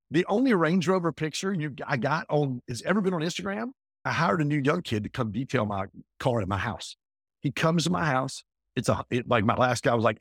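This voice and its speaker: A man talking as an entrepreneur guest in a casual interview, emphatic and energetic, often repeating himself. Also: mid-range voice, brisk, breathy edge, no room sound, studio quality.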